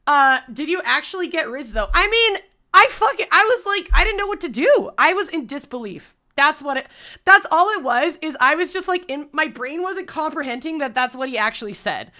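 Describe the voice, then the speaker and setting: A woman streamer casually telling a story to her chat, animated and swearing freely. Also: sits high, moderate pace. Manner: animated, swears freely, breaks into loud laughs.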